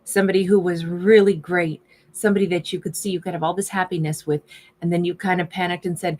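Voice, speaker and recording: A woman's voice: on the low side, flat delivery, quick pace, darkish tone. A woman giving a casual tarot reading, thinking aloud as she turns over each card. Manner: musing, thinks aloud while reading cards. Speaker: tarot reader.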